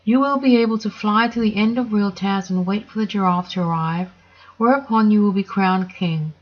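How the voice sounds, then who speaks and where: Stern, disapproving wizard, as a woman reads him, loud and scolding, on a dull recording. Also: medium pitch, normal speed, close to an everyday voice.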